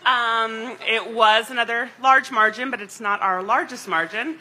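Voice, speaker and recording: A team player giving a relaxed recap of a kickball game on a casual podcast. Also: medium pitch, unhurried, slight background noise, low-quality recording. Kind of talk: casual chat.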